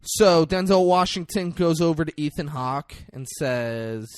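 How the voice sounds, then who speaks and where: A man on a podcast retells a film scene with gusto, cursing and jumping between quotes. His voice sits a bit high and swings widely in pitch. The sound is close and dry, right on the mic. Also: animated, unhurried, few pauses, smooth, no echo. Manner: swearing, acts out quotes with big swings. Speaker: podcast host. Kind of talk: casual chat, animated film retelling.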